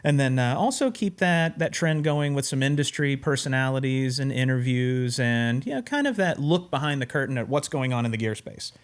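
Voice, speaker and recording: A man in the host's chair speaks in a mid-range voice. He is upbeat and bantering, and his pitch jumps up when he gets excited. The talk has a loose, in-person studio feel. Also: a little fast, hardly any pauses, clear, resonant tone. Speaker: podcast host. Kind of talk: casual podcast chat.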